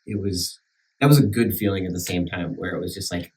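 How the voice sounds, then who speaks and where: A man with a country accent talks casually on a church podcast. His voice sits very low, and he circles back over his words with fillers and restarts. He is recorded at a slight distance from the mic. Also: a little mellow. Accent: rural American country. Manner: halting, many restarts and fillers, earnest. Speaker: minister back from sabbatical.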